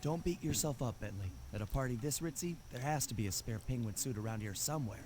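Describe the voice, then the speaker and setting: Quick cocky raccoon thief voiced by a guy, breezy, noisy far-off game sound. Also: mid-range voice, animated, close to an everyday voice. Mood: reassuring. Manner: breezy, reassuring. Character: cocky, smooth male raccoon master thief.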